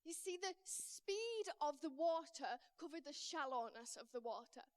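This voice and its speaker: A young woman with a high, bright voice preaches in a church. She tells her story with comic timing and plays up her own panic in her delivery. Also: expressive, unhurried. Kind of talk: sermon with a personal story.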